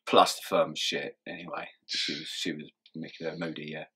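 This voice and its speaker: A young man recounts events in a loose, sweary way, often laughing mid-sentence. His voice sits low and sounds husky. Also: flat delivery, normal speed, pushed and bright. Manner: swears often and laughs through his story, mumbling asides. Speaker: interview guest. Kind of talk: casual storytelling interview.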